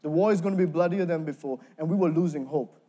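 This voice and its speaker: A young man from Sri Lanka giving a faith testimony, telling his story with acted-out dialogue and quick laughs. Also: on the high side, mellow.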